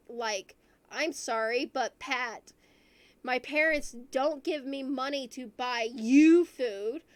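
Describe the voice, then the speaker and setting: A woman with a high voice leads a casual streamed podcast. She talks earnestly and asks her guests questions. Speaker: podcast host. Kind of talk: casual chat.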